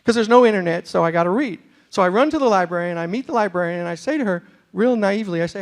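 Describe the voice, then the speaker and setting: A storyteller and motivational speaker from New York City gives a humorous talk in a university lecture hall. The high-voiced, gravelly man races along with few pauses, using animated comic delivery and audience asides.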